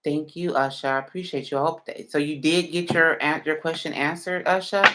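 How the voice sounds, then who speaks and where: A woman's voice: low-pitched, fairly even intonation, a little fast, pushed and bright. A woman reading tarot on a late-night live stream. She is sleepy and yawning, and she rambles through many fillers while she answers viewers one by one.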